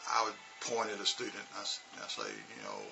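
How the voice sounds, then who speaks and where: A man's voice: fairly low pitch, big pitch swings, fairly quick, gravelly, sharp tone, soft background music. A man, an English teacher, telling a casual, rambling story full of "you know" and "uh". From United States.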